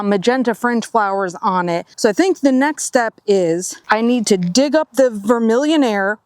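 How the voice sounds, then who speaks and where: Woman gardening vlogger, higher voice, chatty and thinking aloud, slightly winded, close dry sound. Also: no room sound. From Southeastern United States. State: out of breath from digging. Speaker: gardening channel host. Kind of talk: casual gardening vlog. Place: outdoors in a garden bed.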